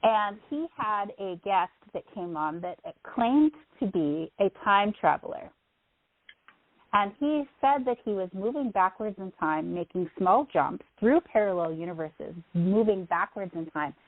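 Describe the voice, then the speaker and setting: A woman's voice: mid-range voice, expressive, unhurried, dry recording. A middle-aged woman telling a long personal story in casual chat, rambling and quoting others as she goes. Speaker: podcast guest. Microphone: phone line. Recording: tinny phone line.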